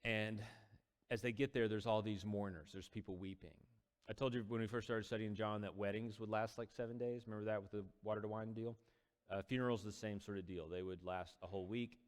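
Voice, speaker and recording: A man's voice: on the low side, fairly even intonation, fairly quick, long reverb tail. A man casually retelling a Bible story as a teacher, conversational with quoted dialogue. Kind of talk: casual Bible study talk.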